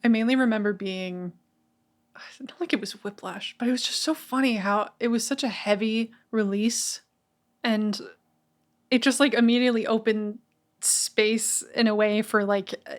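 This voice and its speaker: A woman's voice: fairly high pitch, fairly even intonation, moderate pace. A woman in a casual podcast conversation, talking candidly and emotionally, with casual swearing.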